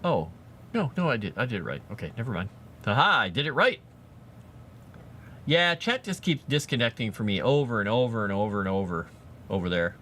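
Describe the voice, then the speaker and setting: A man chatting casually with his live-stream audience while writing fantasy lore, animated and quick to laugh. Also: on the low side, a little hiss or hum. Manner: animated, chatty, laughs often, talks to chat.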